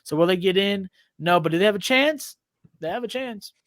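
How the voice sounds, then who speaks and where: A man co-hosting a casual sports podcast, chatty and quick to throw questions at the others. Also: sits high, animated, fairly bright tone, no echo. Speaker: podcast co-host.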